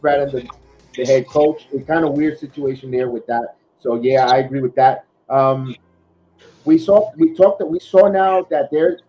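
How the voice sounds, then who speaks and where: A man's voice: medium pitch, normal speed, mellow, faint music behind. A man hosting a casual sports podcast, talking in a rambling way with lots of fillers and restarts. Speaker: podcast host. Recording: dull lo-fi podcast audio.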